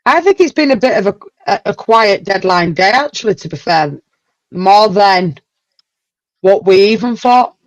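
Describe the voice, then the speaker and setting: A woman hosting a casual livestream chat, talkative and quick to exclaim. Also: medium pitch, lively intonation, no echo, rough recording. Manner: chatty, exclaims and laughs often. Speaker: livestream host.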